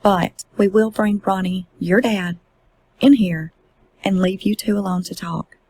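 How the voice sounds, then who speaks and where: A woman reading aloud voices a firm, measured female investigator, in a husky voice. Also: mid-range voice, steady tone, a little mellow.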